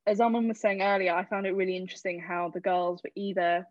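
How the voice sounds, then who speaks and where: A young woman hosting a casual film podcast, chatty and giggly, often acting out quotes in lively voices. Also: fairly low pitch, fast talker, dry recording. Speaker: podcast host. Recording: dull, slightly lo-fi dry sound.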